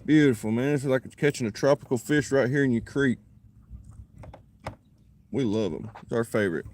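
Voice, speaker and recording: A man's voice: mid-range voice, moderate pace, long pauses, darkish tone, a little hiss or hum. A man live-streaming from a creek, chatting casually and muttering to himself between greetings to viewers. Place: outdoors at a creek.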